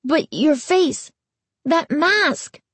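A woman voicing a frightened young boy who pleads and stammers in a high voice, for a storybook reading. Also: sing-song, slow, bright, forceful tone, no room sound, full character voice. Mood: stammering. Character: frightened young boy, whiny little brother.

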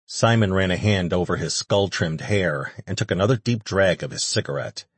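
Deep husky male audiobook narrator. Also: moderate pace, dry recording. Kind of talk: scripted narration.

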